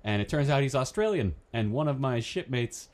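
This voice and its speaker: A man hosts a podcast and fires off his words at a fast clip. He swears freely in easy banter. His voice sits in a middle register. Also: mid-range voice, lively intonation, a little mellow. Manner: quick, profane banter. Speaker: podcast host. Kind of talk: casual chat.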